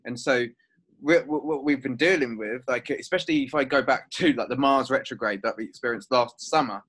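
A man's voice: mid-range voice, fairly quick, a bit bright, slightly rough. A man in a casual conversation, talking hesitantly with many fillers.

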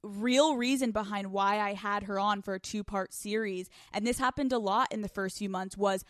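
A young woman hosting a podcast from a couch at home, telling stories in casual, animated chat full of swearing. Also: mid-range voice, normal speed, dry recording, studio quality. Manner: animated, profane, storytelling. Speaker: podcast host.

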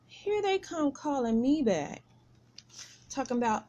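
A woman's voice: high-pitched, huge pitch swings, a little slow, pauses often, a little mellow, dull audio, slight background noise. A middle-aged woman hosting a podcast, talking through a personal story and a faith lesson with emphatic repetition. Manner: emphatic, repeats phrases. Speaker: podcast host. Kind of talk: casual faith talk.

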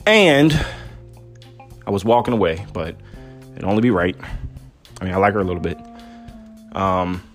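A man's voice: deep voice, normal speed, pauses often, soft background music. A man hosting a podcast, chatting casually and off the cuff, full of jokes and teasing. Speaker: podcast host. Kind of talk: casual chat.

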